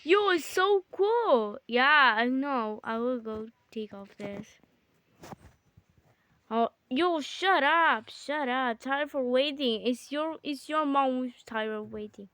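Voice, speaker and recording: A woman with a high voice plays a game with her sibling, chatting, exclaiming and bickering. Even when excited she keeps an unhurried, drawn-out pace. The recording is smooth and dry.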